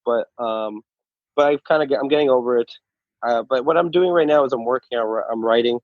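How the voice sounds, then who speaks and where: A man's voice: medium pitch, a little fast, no echo. A man, a stand-up comedian guest, chatting casually in an interview, stammering and restarting often and swearing freely. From Saudi Arabia then the U.S. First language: Arabic. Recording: dull, lo-fi sound.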